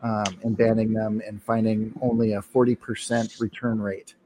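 A man's voice: fairly low pitch, level tone, normal speed, warm tone, slight background noise. Rambling man with filler words. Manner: rambling, many fillers and restarts. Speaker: podcast co-host. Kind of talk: casual chat.

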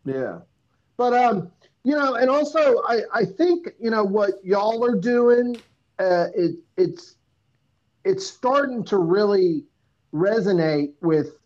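Over muffled, lo-fi phone audio, a talk-show caller tells a rambling tale, stopping to restart and filling gaps with ums. His voice is high-pitched but darkish in tone, slow-paced, with lively intonation.

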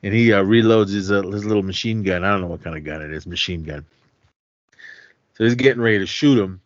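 A man's voice: sits low, fast, no echo. Rambling man recapping a movie. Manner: rambling retelling with many fillers and self-corrections. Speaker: podcast co-host. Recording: dull, dry lo-fi podcast recording.

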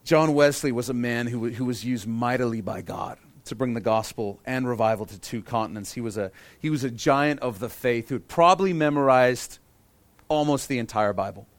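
A man's voice: medium pitch, normal speed, no room sound. A man preaching a sermon as pastor, earnest and repeating key phrases for emphasis.

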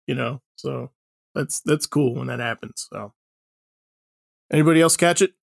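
A man's voice: medium pitch, moderate pace, vocal fry, no echo, studio quality. A man co-hosting a podcast, talking casually and rambling, with many fillers and restarts. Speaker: podcast co-host. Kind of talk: casual chat.

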